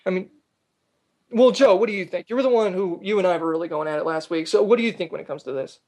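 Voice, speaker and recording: A man's voice: sits high, fast. A man hosting a casual wrestling podcast, reading out listener comments with lots of "uh" fillers. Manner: animated, lots of fillers, reads comments aloud.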